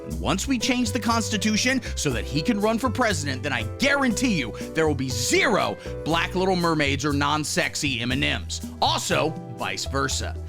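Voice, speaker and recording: A man hosting a satirical news show, delivering commentary in a mock-pompous, swaggering way with sudden low asides. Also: very animated, moderate pace, creaky, few pauses, music in the background.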